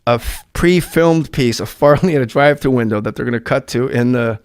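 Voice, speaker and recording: A man's voice: medium pitch, a little fast, smooth, no echo, studio quality. A middle-aged man, a comedian, telling a story in casual chat and acting out the voices in it. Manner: animated, acts out voices in his stories. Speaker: guest comedian.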